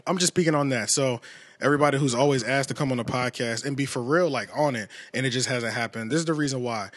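A man's voice: mid-range voice, quick pace, no echo. A man hosting a podcast in casual, emphatic chat, often asking if you know what he's saying. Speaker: podcast host.

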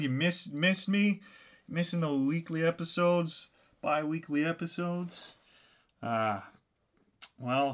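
A man hosting his own podcast, telling a comedic story in a deadpan, halting way with lots of restarts. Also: mid-range voice. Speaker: podcast host.

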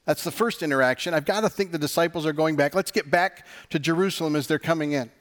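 A man's voice: on the high side, fast talker, fairly bright tone. A man preaching a sermon as pastor, talking conversationally, asking the audience rhetorical questions and using dry sarcastic humor.

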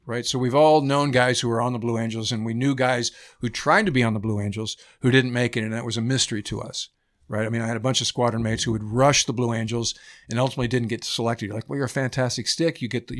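A man in his fifties, a former naval aviator, tells stories on a podcast in an easy, rambling way, scattering fillers and casual swearing. His voice sits at an ordinary middle pitch, and the recording is plain and close. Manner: relaxed and anecdotal, swears casually, many fillers. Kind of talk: casual storytelling chat.

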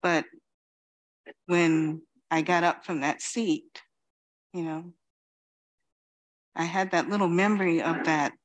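A woman gives a dharma talk, reflective and unhurried. She is in her fifties, speaks slowly and pauses often, with many "you know"s between her thoughts. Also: on the low side, fairly even intonation. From Queens, New York. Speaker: Zen teacher.

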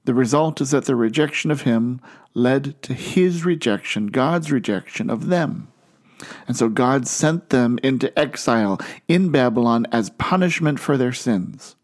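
A man delivers a sermon with a medium-pitched voice. He speaks earnestly, slowing down and lifting his voice for emphasis on key phrases. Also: expressive, darkish tone. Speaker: pastor.

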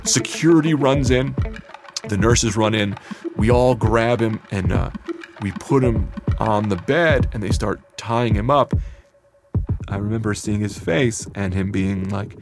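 A man with a low, gravelly voice tells a personal story with lively energy and slips into the voices of the people he describes. Music plays clearly behind him. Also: measured pace.

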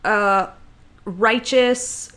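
A woman co-hosting a casual podcast chat, chatty and giggly with quick asides. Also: medium pitch, fairly bright tone. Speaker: podcast co-host.

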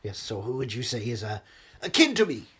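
A performer doing a comic impression of a self-absorbed, aging knighted film actor, drawling and repeating "wonderful", often sinking to a hushed murmur. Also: mid-range voice, very animated, a little fast, husky. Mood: pompous.

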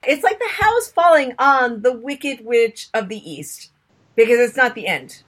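A woman's voice: on the high side, big pitch swings, unhurried, fairly bright tone. Woman, podcast co-host, casual sports chat, chatty, self-deprecating, pedantic.

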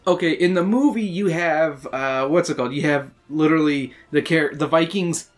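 A man's voice: a little high, moderate pace, faint music behind. A man co-hosting a podcast in casual chat, rambling with lots of fillers, restarts and casual swearing. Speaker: podcast co-host.

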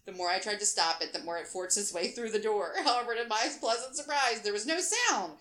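Woman in her 30s reading a silly story, bright voice, keeps laughing, echoey room. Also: mid-range voice, brisk. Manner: animated, laughing through the reading. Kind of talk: reading a funny story aloud. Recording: roomy echo.

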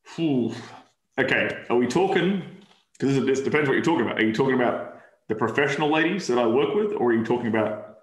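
Australian guy as a podcast guest, frank and loose, average pitch, echoey room. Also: expressive, fast. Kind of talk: casual interview chat. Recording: roomy echo.

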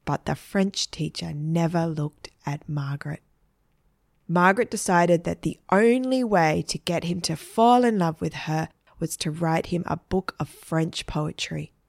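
A woman reading a children's story in a gentle, even storytelling manner. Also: sits low, unhurried, gravelly, slightly rough, no echo, clean studio sound. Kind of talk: scripted children's story narration.

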